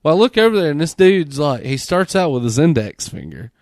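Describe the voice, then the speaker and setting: A man tells a story on a gaming podcast, swearing freely and acting out the people in it. His pitch climbs and drops as he gets worked up. The sound is dry and close to the mic. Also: brisk, dry recording. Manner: animated, profane storytelling, mimics people he quotes. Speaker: podcast host. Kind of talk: casual storytelling chat.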